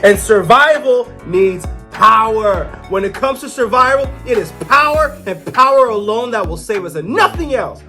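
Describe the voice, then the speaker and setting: A comic reviewer voicing a pompous, scheming male bull president, putting on an accent, loud and speechifying. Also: mid-range voice, animated, normal speed, few pauses, soft background music. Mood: menacing.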